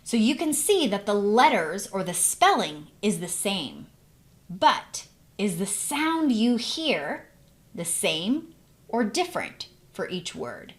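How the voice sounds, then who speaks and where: A woman teaching an English pronunciation lesson at a slow, deliberate pace. She models each word ending carefully and repeats it. She often turns to the learner with questions. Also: mid-range voice, big pitch swings.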